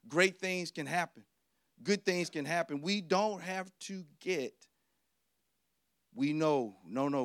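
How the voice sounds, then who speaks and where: A man's voice: fairly high pitch, no echo, studio quality. A man preaching a sermon, telling stories with animation, repeating his key lines and putting questions to the congregation.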